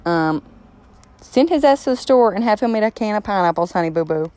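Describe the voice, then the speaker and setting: A woman's voice: mid-range voice, lively intonation, a little fast, mellow, smooth, long reverb tail. A woman hosting a casual solo podcast, giving blunt, profane, frank advice. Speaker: podcast host.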